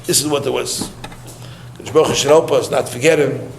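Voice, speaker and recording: A man's voice: medium pitch, fairly even intonation, a little fast, gravelly. A man giving a eulogy through chatty personal stories, laughing often and sprinkling in Yiddish and Hebrew words. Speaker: eulogy speaker. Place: gathering room during mourning visits. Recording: roomy hall with faint noise.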